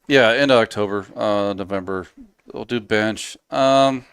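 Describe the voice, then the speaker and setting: Man, very low voice, podcast guest, casual rambling chat, dry close sound. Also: unhurried, fairly bright tone, smooth, no echo. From United States. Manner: easygoing, rambling, frequent ums and trailing asides. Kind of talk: casual interview talk.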